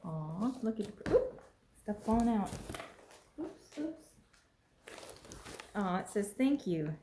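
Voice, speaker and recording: A woman vlogging as she unboxes a package at home, gushing and exclaiming excitedly over each item. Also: medium pitch, takes it slowly, background noise. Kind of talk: casual unboxing vlog. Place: at home with a pet. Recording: echoey room.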